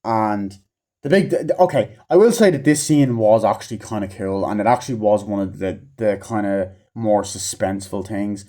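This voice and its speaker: A man's voice: on the low side, moderate pace, mellow. A man giving a casual, rambling movie review, swearing often and mimicking characters in mocking voices. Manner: rambling, profane, acts out scenes in mocking voices.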